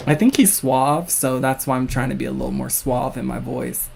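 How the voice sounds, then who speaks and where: A man's voice: mid-range voice, moderate pace, creaky, hardly any pauses, a little mellow, slightly rough. A man hosting a comic-critique livestream, chatting casually and joking with viewers. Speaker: livestream host reading a comic.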